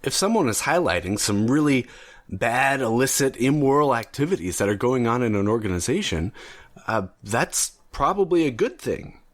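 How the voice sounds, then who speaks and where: A man's voice: mid-range voice, big pitch swings, normal speed. A man hosting a solo podcast, talking casually and rambling a bit with fillers and restarts. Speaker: podcast host.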